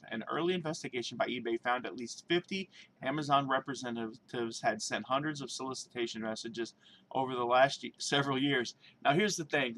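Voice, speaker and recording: A man's voice: mid-range voice, a bit bright, a little hiss or hum. A man vlogging, reading a news story aloud and breaking off into rambling, chatty asides and self-corrections.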